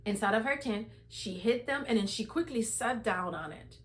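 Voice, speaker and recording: A woman's voice: fairly high pitch, expressive, normal speed. A woman hosting a casual Bible reading commentary, retelling the story conversationally with lots of "you know". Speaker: host.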